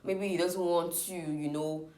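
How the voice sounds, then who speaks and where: A woman's voice: on the low side, fairly even intonation, measured pace, darkish tone. A young woman reviewing a reality TV show in casual, sassy, exasperated commentary to her viewers. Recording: echoey room.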